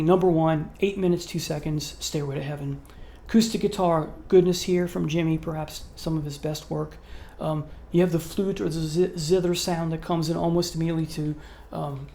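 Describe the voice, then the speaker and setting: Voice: medium pitch, fairly even intonation, a little fast, vocal fry, mellow. A channel host giving an unscripted spoken review to camera, earnest and admiring, with frequent ums and uhs. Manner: earnest, admiring, gets emotional about the music. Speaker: music video host ranking songs.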